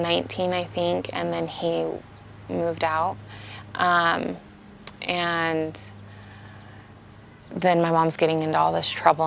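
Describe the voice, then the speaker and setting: Low, gravelly woman telling her story. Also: a bit bright, slight background noise. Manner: candid, emotional storytelling. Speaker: meeting speaker. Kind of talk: personal testimony.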